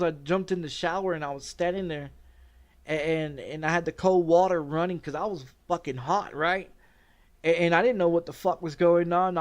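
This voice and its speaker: Profane rambling man telling a story. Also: high voice. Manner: rambling, profane, laughing often. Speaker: streamer. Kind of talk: casual storytelling.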